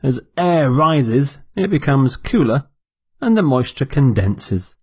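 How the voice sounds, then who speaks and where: A man teaching vocabulary at an unhurried, measured pace, saying each word twice so learners catch it. His voice sits in a middle range and sounds dry and close, with no room echo. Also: mid-range voice, sing-song, slightly rough. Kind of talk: slow, deliberate vocabulary lesson.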